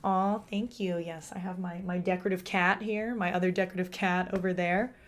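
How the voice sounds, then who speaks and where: A young woman streaming from a room at home with a monotone voice. She chats casually and answers her chat. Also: lowish voice, a little fast. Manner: chatty, reads out and answers chat. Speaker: live streamer.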